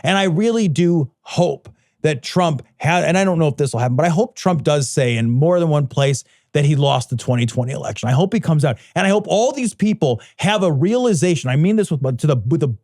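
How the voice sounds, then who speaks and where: A man's voice: on the high side, expressive, a little mellow, no room sound, clean studio sound. A man co-hosting a podcast, chatting casually about politics in a heated, profane way. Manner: profane, heated, quick to laugh. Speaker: podcast co-host.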